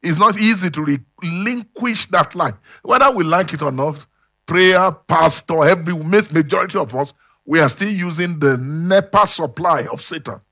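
A man preaching a sermon, calling out questions to the congregation and swinging between loud and hushed. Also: fairly high pitch, moderate pace. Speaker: pastor.

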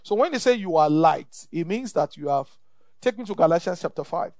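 A middle-aged man with a Nigerian accent preaches a sermon, pressing his points by repeating them and calling out for amen. His voice sits high and carries a gravelly edge. The sound is close and dry, with no room around it. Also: lively intonation, a little fast, darkish tone, no room sound. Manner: emphatic, repeats phrases, calls for amen. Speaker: pastor.

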